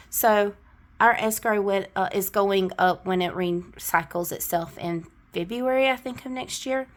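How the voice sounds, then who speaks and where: A middle-aged woman with a Southern US accent, chatting casually to camera as she counts out cash, with a cough now and then. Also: medium pitch. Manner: chatty, counts bills aloud. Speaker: budgeting vlogger.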